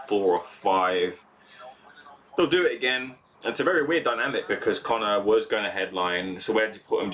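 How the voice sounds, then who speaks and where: Chatty low-voiced young man. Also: bright, forceful tone, slight background noise. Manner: rambling, chatty, many fillers. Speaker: live stream host. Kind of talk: casual live reaction stream.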